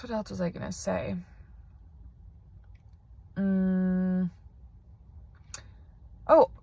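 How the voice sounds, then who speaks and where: A woman's voice: medium pitch, sharp tone, no room sound. A teenage girl records a casual video message from her parked car, rambling and chatty with plenty of "like.". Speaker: video pen pal.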